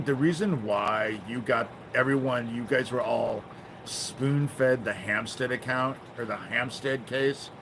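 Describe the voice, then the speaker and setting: A man's voice: mid-range voice, slight background noise, poor audio. A man hosting a livestream, ranting angrily and swearing a lot, often tagging his sentences with "you know?". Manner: profane, angry ranting; fills pauses with "you know?". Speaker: livestream host. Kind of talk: livestream monologue.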